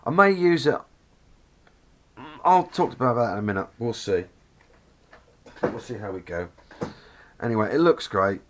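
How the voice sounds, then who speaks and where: A man with a Norfolk accent and a fairly low voice, talking through a model kit in a loose, chatty way. He gushes with enthusiasm, wanders a little and keeps correcting himself mid-sentence. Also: very animated, normal speed, pauses often, noisy background. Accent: Norfolk English. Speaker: scale model kit reviewer. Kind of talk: casual review walkthrough.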